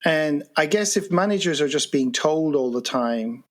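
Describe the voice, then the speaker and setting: A man hosting a podcast interview, speaking conversationally, often halting and searching for words. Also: fairly high pitch, animated, a bit bright.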